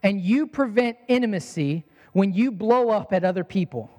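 High-voiced preaching man in a reverberant hall. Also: expressive, moderate pace, a little mellow. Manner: earnest preaching with repeated phrases. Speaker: pastor. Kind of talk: sermon.

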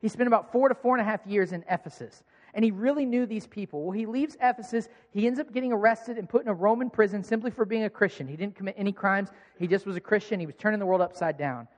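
A man's voice: sits high, quick pace, big-room sound. A young man preaching a sermon as a pastor, telling personal stories in a conversational way and often repeating words as he restarts. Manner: conversational storytelling with frequent word repeats.

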